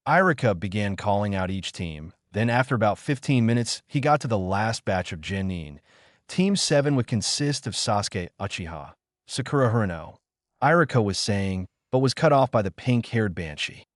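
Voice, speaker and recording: Guy reading a fanfic, lowish voice, dead dry sound. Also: lively intonation, moderate pace, no echo. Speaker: narrator. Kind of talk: fan fiction reading.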